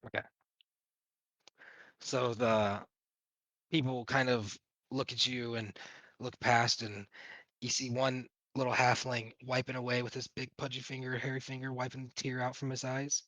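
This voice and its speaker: A man's voice: mid-range voice, flat delivery, measured pace, long pauses, bright, forceful tone, dry recording, poor audio. A man narrating as game master in a tabletop game, in a loose, chatty way with fillers.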